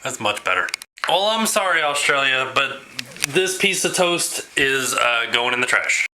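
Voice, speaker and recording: A man talking in a rambling, animated way in a casual home video blog, quick to laugh. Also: medium pitch, slight background noise, low-quality recording. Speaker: vlogger. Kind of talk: casual vlog chat.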